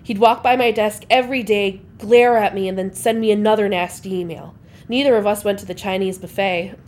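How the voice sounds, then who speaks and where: A woman's voice: mid-range voice, steady tone, a little fast, a little mellow. A woman performing a comic monologue, telling her story in a wry, sarcastic way.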